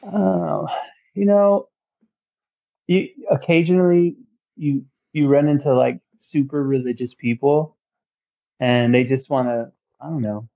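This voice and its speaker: A man who works as a tattoo artist, a guest on a podcast, telling his story in a casual, halting way with many fillers and restarts. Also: fairly high pitch, fairly even intonation, vocal fry, phone-quality sound. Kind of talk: casual conversational testimony.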